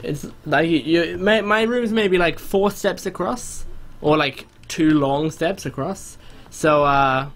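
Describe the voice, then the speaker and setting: A young man casually commentating on an online game from his small bedroom, rambling with sudden excited outbursts. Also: fairly high pitch, slow. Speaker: gaming video host.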